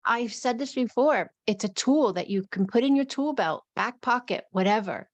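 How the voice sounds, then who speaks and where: A woman's voice: fairly high pitch, expressive, moderate pace, no room sound. A woman with a New York accent giving a live-streamed spiritual talk in flowing, repetitive phrases. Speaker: spiritual teacher.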